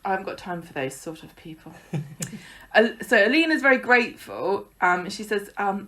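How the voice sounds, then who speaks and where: A woman's voice: mid-range voice, big pitch swings, normal speed, a bit bright. A woman co-hosting a podcast, recapping a soap in casual, sarcastic chat. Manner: sarcastic, chatty recapping with laughs. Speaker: podcast co-host.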